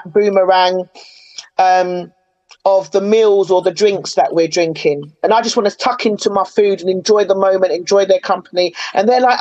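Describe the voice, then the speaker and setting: A woman's voice: medium pitch, a little mellow, lo-fi sound. A woman in casual podcast chat, chatty and opinionated, retelling moments with animation.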